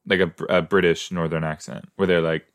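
A man's voice: low-pitched, flat delivery, fairly quick. A man hosting a casual watch-along podcast, talking back to the characters on screen and musing with playful asides. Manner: chatty, exclaims at the screen, talks back to characters. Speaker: podcast host reacting to a TV episode.

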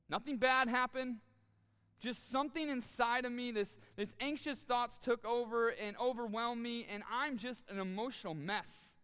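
Male pastor, sermon delivery: earnest, candid, high crisp voice, hall reverb. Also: sharp tone. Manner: earnest, candid, repeats words when moved. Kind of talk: sermon with personal story. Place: church auditorium, live audience. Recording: long reverb of a large hall.

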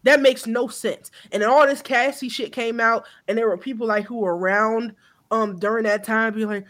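Bright-voiced, blunt, impassioned woman. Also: a little high, fairly even intonation, moderate pace. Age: about 30. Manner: blunt, profane, impassioned, restarts often. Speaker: podcast co-host. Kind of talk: casual chat.

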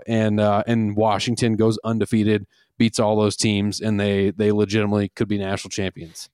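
A male sports podcast co-host with a smooth, lowish voice, working through his thoughts out loud in earnest. The recording is dry and close. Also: flat delivery, fairly quick, dry recording. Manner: earnest, thinks aloud with restarts. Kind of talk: casual sports chat.

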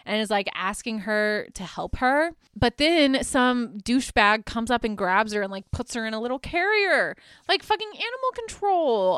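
A somewhat high-voiced woman recaps a movie in loose, sarcastic podcast chatter, with "like" in every other phrase and plenty of swearing. Her voice is smooth and clear. The recording is dry and close. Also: lively intonation, moderate pace, fairly bright tone, dry recording. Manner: chatty, sarcastic, says "like" constantly and swears freely. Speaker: podcast host. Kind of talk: casual film recap.

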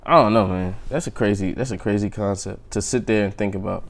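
A man's voice: lowish voice, fairly quick, gravelly. Joking man hosting a solo podcast. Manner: joking, rambling, laughs at his own jokes. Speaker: podcast host. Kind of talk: casual solo podcast chat.

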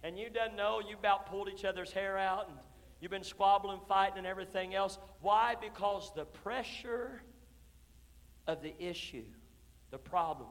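A pastor preaching an impassioned sermon in a church, moving from hushed, drawn-out lines to shouted declarations. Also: male voice, high voice. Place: church sanctuary. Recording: long reverb of a church hall.

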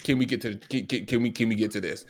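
A man co-hosting a podcast, telling a story in casual chat, restarting often and acting out what people said with sudden jumps in pitch. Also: fast. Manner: animated storyteller, acts out quoted lines with jumps in pitch; frequent restarts and repeated words. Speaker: podcast co-host.

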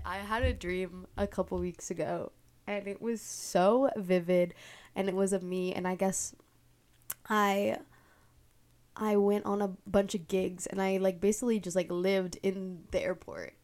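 A woman's voice: medium pitch, darkish tone. A young woman hosting a podcast, telling a long story in casual chat, rambling with many fillers and acting out the voices of the people in it. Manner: rambling, filler-heavy, laughing storytelling with acted-out quotes. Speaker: podcast host.

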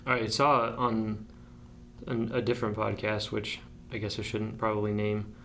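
A man's voice: fairly low pitch, flat delivery, measured pace, a bit bright, slight background noise. A man hosting a casual podcast, easygoing and a little hesitant, chuckling between thoughts. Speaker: podcast host. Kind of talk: casual chat.

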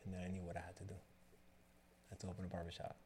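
A man's voice: low-pitched, fast, a little hiss or hum. A man being interviewed as a barbershop owner, casually retelling a personal story with lots of quoted back-and-forth. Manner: rambling, animated retelling with quoted dialogue.

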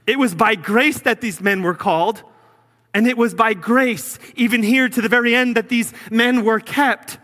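A man preaching a sermon as pastor, earnest, sometimes dropping low and quiet for emphasis. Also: normal speed, in a large hall.

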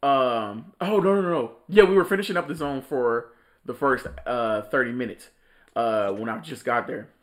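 A man's voice: medium pitch, moderate pace. A young man in casual podcast chat, telling a work story with lots of laughter, cursing and slang.

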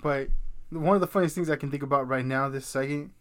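A man in his thirties with young kids, telling stories in casual chat, profane and animated. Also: medium pitch, fast.

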